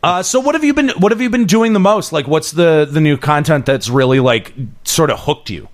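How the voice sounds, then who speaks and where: A man's voice: a little high, expressive, a little fast. A man hosting a podcast in casual chat, teasing his co-hosts and laughing often. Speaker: podcast host.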